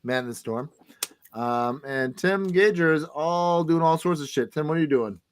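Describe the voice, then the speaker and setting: A man's voice: on the high side, normal speed, a little hiss or hum. A man hosting a podcast, signing off in a loose, rambling way with lots of restarts. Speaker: podcast host. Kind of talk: casual chat.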